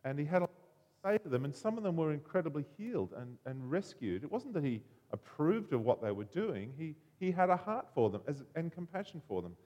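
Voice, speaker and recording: A man preaching a sermon, telling a story in an animated way and acting out the voices. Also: on the high side, brisk, long reverb tail.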